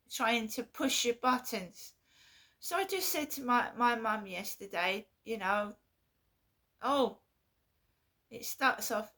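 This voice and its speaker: A woman vlogging in a casual monologue, halting and repeating herself with an aggrieved tone. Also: fairly high pitch, pushed and bright.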